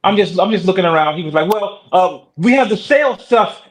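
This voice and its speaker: A man, telling a story on a casual talk show. He acts out the voices of the people in it with lively energy. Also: sits high, brisk, low-quality recording. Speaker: guest.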